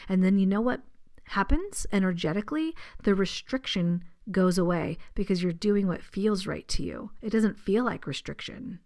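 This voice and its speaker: A woman's voice: mid-range voice, moderate pace. Chatty woman hosting a podcast. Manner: chatty, laughs often, drops into soft asides. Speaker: podcast host and medium. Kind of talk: casual solo podcast talk.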